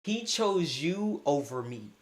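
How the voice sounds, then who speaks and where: A man's voice: fairly high pitch, sing-song, takes it slowly, exaggerated voice. A man quoting a brash young ex-girlfriend in a blunt, taunting way within his story.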